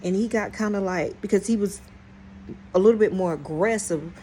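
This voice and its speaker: A woman's voice: mid-range voice, normal speed. An outspoken woman recounts a run-in to her viewers in casual storytime fashion. She is blunt and profane, addresses her audience directly, and her mid-range voice rises sharply when she is outraged. A faint hiss sits under the recording. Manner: animated, exclaims in outrage. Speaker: channel host. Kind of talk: storytime vlog.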